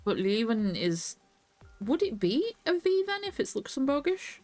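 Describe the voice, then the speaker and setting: A woman's voice: fairly high pitch, very animated, unhurried, a little mellow, soft background music. A woman streamer chatting and swearing casually as she plays a video game live. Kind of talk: live gameplay commentary.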